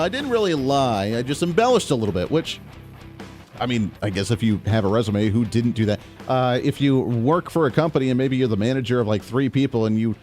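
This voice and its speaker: A man's voice: mid-range voice, darkish tone. A male podcast host talking politics on his own show, pressing his points in long, emphatic sentences full of asides. His voice sits in a middle register and sounds dry and close, with no room echo around it. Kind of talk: solo political commentary.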